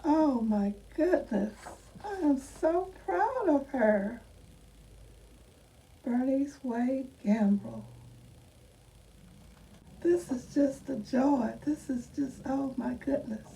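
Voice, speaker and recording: Slow, fond older woman, distant and noisy. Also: high voice, gravelly. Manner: fond, exclaiming, slow and drawn-out. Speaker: retired first grade teacher. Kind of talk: reminiscing while looking through a book. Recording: distant mic with steady background noise.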